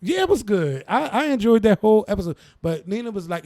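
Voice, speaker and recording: A man co-hosting a casual chat about TV shows and celebrity news, animated and profane, laughing often and quoting others. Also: sits high, fairly quick, dry recording, studio quality. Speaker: podcast co-host.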